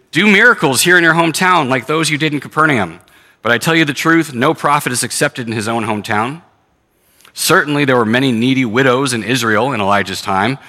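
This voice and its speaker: A man's voice: mid-range voice, sharp tone. A man preaching a sermon, reading scripture and talking through it in an earnest, conversational way. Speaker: pastor. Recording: long hall reverb.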